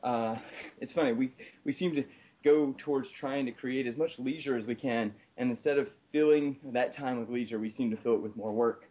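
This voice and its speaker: A man's voice: mid-range voice, brisk. A man chatting casually in a group podcast while working out on an elliptical, laughing often and restarting his sentences. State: exercising on an elliptical. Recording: dull lo-fi online call audio.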